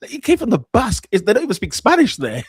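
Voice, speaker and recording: A man, co-hosting a casual football podcast with animated slang banter. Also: very high voice, fast. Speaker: podcast co-host.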